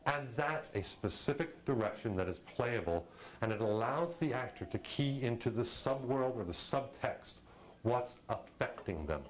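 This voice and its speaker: A man giving a lively lecture on film directing, chatty and full of "you know" and "okay", acting out audience reactions with sudden jumps in his voice. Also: mid-range voice, moderate pace, rough recording. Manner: animated, acts out audience reactions in a raised voice.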